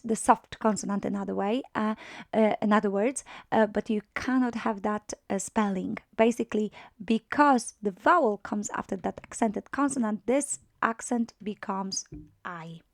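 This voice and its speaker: A woman's voice: mid-range voice, gravelly, no room sound, clean studio sound. A woman teaching a beginner lesson, explaining step by step with many fillers and often checking in with "right?". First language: Polish. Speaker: language teacher. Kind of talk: online language lesson.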